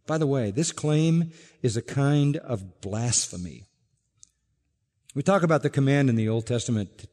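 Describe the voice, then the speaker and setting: A male pastor preaching a sermon emphatically, repeating key words and letting line ends fall soft and low. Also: lively intonation, unhurried. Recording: long reverb of a hall.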